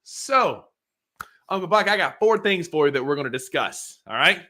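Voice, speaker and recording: Bright and forceful, this man's fairly high voice has lively intonation and a moderate pace as he co-hosts a sports podcast. He's upbeat and chatty in the casual talk, going into long explanations.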